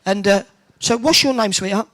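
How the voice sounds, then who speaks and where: A cheeky man working a crowd in a big indoor arena, with a very high voice for a man. He fires off teasing one-liners into a handheld microphone. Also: normal speed, pushed and bright. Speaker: arena host entertaining the crowd. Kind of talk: joking crowd banter over a microphone.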